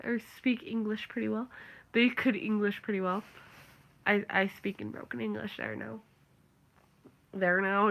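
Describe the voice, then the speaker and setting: A young woman talking straight to camera in an easy, rambling way. Her voice is bright and sharp, and she piles on fillers as she drifts into small rants. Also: medium pitch. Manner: rambling, filler-heavy, ranting. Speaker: vlogger. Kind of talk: casual chat.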